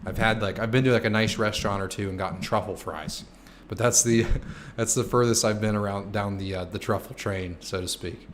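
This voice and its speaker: A man's voice: fairly low pitch, steady tone, brisk, a little hiss or hum. Loose, joking young man. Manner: loose, joking, swears freely, bursts into loud shouts. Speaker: crypto streamer answering chat questions. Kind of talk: casual live-stream chat.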